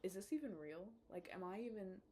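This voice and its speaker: A woman's voice: mid-range voice, animated, fairly quick, dark tone, slight background noise. A young woman telling a storytime rant about dating in a casual vlog, blunt and profane, trailing off into mutters and then flaring into exasperated outbursts. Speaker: vlogger.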